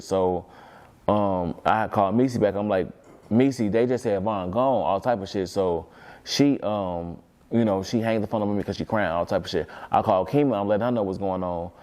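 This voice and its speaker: A man's voice: fairly low pitch, a little mellow. A man talking as an interview guest, telling a long story in a rambling, repetitive way and swearing freely.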